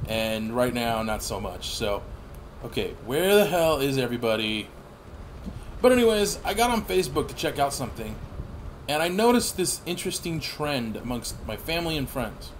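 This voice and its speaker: A man in his thirties giving rambling, profane gameplay commentary with sudden excited outbursts. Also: medium pitch, normal speed, slight background noise. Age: 30s. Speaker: gaming channel host.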